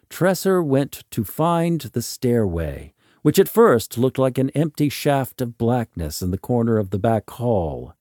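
Slow, deep-voiced male story narrator. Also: dry recording, clean studio sound. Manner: slow, measured and expressive.

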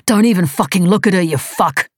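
A woman's voice: normal speed, dry recording, clean studio sound, close to an everyday voice. A woman voicing an injured, furious young man who swears and hurls threats in a thriller audiobook. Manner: shouting threats, pitch pushed up.

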